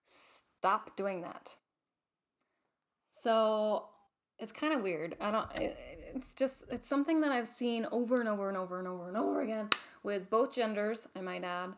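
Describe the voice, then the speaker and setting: A woman's voice: medium pitch, normal speed. A young adult woman hosting her own vlog, chatting casually to camera with lots of fillers and restarts. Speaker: vlog host.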